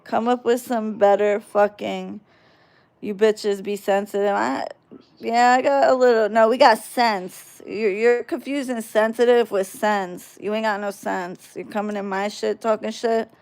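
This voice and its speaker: A woman's voice: medium pitch, steady tone, unhurried, darkish tone. A woman livestreaming casually, reading chat aloud and trash-talking viewers in a brash, drawling way.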